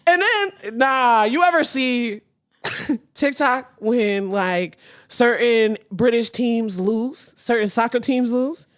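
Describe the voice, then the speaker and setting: High-voiced woman ranting with profane humor. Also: animated, slow pace. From United States. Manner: loud, profane, laughing through rants. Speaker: podcast co-host. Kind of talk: casual comedic rant.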